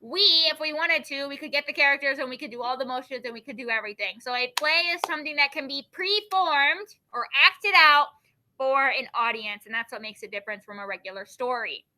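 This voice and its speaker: A woman's voice: sits high, fairly quick, bright, forceful tone. A woman teacher leading a classroom lesson, explaining with everyday examples, often checking in with "okay?" and giving firm directions to the class.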